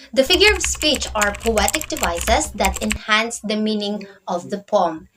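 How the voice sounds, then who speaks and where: A woman's voice: fairly high pitch, fairly bright tone, slight background noise. A woman giving a class presentation, reading steadily from prepared notes. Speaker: student presenter.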